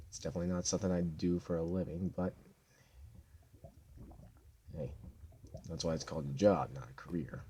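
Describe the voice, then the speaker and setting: Tired young man with deep voice. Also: slight background noise. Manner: rambling, deadpan, with sudden loud outbursts. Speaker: gameplay commentator. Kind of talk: casual gameplay commentary.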